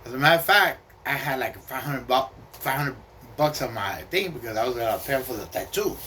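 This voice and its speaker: A man's voice: medium pitch, lively intonation, brisk, bright, forceful tone, a little hiss or hum. A man telling a personal story casually, streetwise and profane, with slang and Spanish words mixed in.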